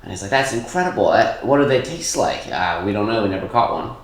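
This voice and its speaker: A man's voice: fairly low pitch, animated, fast. A man co-hosting a comedy podcast, telling jokes in casual chat with many fillers and restarts. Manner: rambling storyteller with many fillers. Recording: echoey room.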